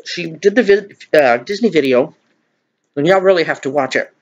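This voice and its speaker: A man's voice: a little high, lively intonation, normal speed, muffled recording. A middle-aged man in a chatty eating vlog, rambling and laughing as he talks to viewers. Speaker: vlogger. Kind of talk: mukbang chat, eating on camera.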